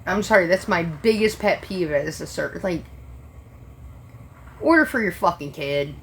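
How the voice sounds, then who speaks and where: A woman's voice: on the low side, normal speed, slight background noise. A woman who works as a restaurant server, ranting casually on a livestream and swearing freely in an exasperated way.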